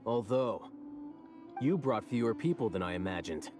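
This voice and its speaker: A dry, measured grown man, as an actor voices him in a video game. His voice is somewhat low. Game music plays clearly behind. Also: animated, a little mellow, lightly acted.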